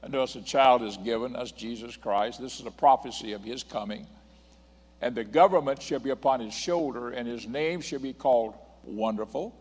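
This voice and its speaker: A man's voice: mid-range voice, normal speed, darkish tone, breathy edge. An older man preaching a sermon, reading scripture aloud and emphatically repeating his points to the congregation. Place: church sanctuary. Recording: long hall reverb.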